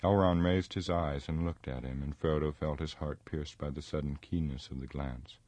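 A man reading a novel aloud in steady, measured scripted narration. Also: a bass voice, no echo. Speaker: audiobook reader.

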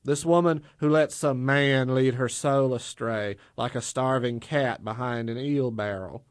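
A man reading a story voices a tall, mocking woman of power who teases and taunts in quick patter. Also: mid-range voice, dry recording, studio quality, natural voice. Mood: taunting.

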